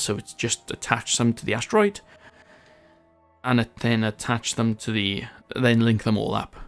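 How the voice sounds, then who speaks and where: A man's voice: medium pitch, fairly bright tone. A man giving casual gameplay commentary, chatty and rambling, mocking himself and often losing his thread.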